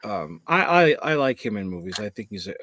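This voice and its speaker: A man's voice: lowish voice, big pitch swings, a little fast, a bit bright. A man appearing as a guest in a casual movie review chat, hedging his opinions and laughing at himself.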